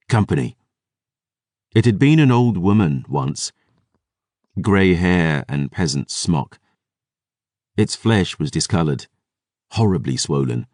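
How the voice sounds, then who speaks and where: A man narrating a dark fantasy audiobook in the first person, wry and gritty. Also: rumbling low, no echo, studio quality.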